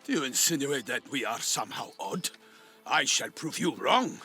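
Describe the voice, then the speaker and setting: An actor playing a proud, gallant knight in a video game, declaiming archaic lines with eager earnestness. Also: male voice, medium pitch, expressive, moderate pace, sharp tone, soft background music.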